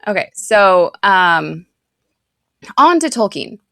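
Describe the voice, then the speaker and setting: Speaking slowly in a mid-range voice with big pitch swings, vocal fry and a fairly bright tone, a woman in her thirties co-hosts a podcast and chats casually, rambling with many fillers. The sound is clean studio audio, free of room echo.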